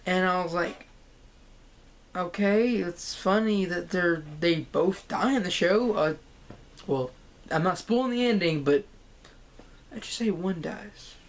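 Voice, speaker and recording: A woman vlogging a casual, excited TV show review, rambling and repeating herself. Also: on the low side, a little slow, a little hiss or hum. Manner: enthusiastic, rambling, repeats "guys" and "freaking".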